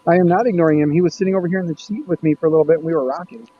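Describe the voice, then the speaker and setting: A man hosting a casual maker hangout stream, chatting in a loose, rambling way. His voice sits a little high. The audio is muffled and lo-fi. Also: rapid-fire, a little hiss or hum. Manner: rambling, restarts often. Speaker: host of a maker livestream. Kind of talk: casual chat.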